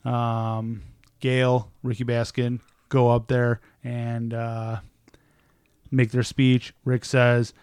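A man's voice: mid-range voice, drawn-out words, smooth, dry recording. Young guy swearing through a story, acts out everyone's lines, dry mic. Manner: profane, animated, acts out quotes. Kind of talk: casual storytelling chat.

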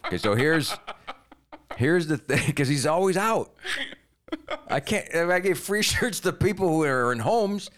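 A man's voice: a little high, lively intonation, measured pace, a bit bright. A man co-hosting a comedy podcast, rambling through absurd schemes in casual chat. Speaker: podcast co-host.

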